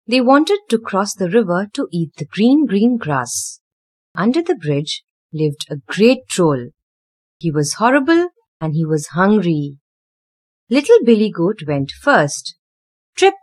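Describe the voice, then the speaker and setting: Woman reading a fairy tale, slow, lively pitch, slightly breathy. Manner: expressive, sing-song storytelling. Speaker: storyteller. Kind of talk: children's story reading.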